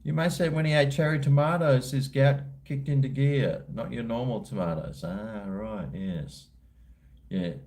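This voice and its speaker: Aussie man, mellow tone, rambling livestream host chatting with viewers. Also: medium pitch, a little slow. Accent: Australian. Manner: rambling, laid-back, slangy. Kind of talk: casual chat answering viewers live.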